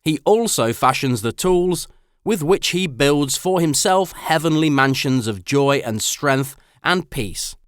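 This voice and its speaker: Man reading an audiobook, lively pitch. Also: slow, smooth, no room sound, clean studio sound. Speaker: audiobook narrator. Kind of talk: scripted narration.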